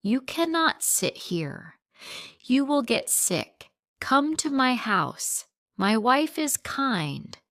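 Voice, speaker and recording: Kind male police officer read by a woman, gentle, slow, smooth clear voice, dry sound. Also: high-pitched, very animated, no room sound, voice pushed up, full character voice.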